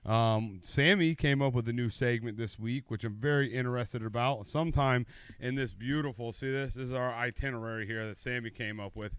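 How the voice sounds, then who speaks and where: A man's voice: medium pitch, fairly quick, a bit bright, clear, resonant tone, dry recording. A man hosting a live sports talk stream from a shop in a lakeside harbor town. He jokes about himself and laughs often. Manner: hyped, self-mocking, laughing often. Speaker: sports show host. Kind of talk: casual live-stream chat.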